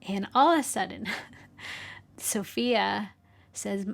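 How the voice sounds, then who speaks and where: A woman's voice: medium pitch, takes it slowly, vocal fry, pauses often. A middle-aged woman, a podcast guest, telling a personal story with earnest emotion and small laughs.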